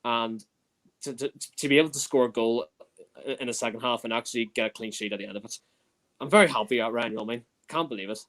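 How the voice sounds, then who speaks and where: A man's voice: medium pitch, fast talker, a bit bright. Buzzing, rambling male football fan. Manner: buzzing and rambling, many fillers and restarts. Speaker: guest fan pundit. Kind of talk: casual post-match chat.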